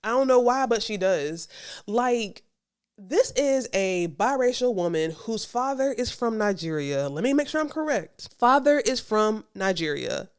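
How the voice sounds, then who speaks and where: A woman's voice: on the high side, lively intonation, unhurried, clear, resonant tone. A woman hosting a podcast, giving a reaction commentary monologue in an emphatic, sassy way, repeating her points and talking straight to the listener. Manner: conversational, addresses the listener directly. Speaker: podcast host.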